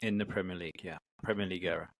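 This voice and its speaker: A man's voice: low voice, steady tone, very fast, vocal fry, no room sound. A man co-hosting a football podcast, easygoing in casual chat and reading out the fixtures. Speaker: podcast co-host.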